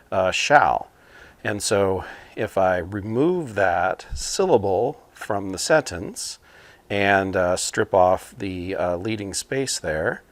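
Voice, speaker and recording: A man teaching computing, talking a class through a problem at a whiteboard in a relaxed, explanatory way with frequent fillers. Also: lowish voice. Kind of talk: casual whiteboard lesson explanation. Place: small room at a whiteboard.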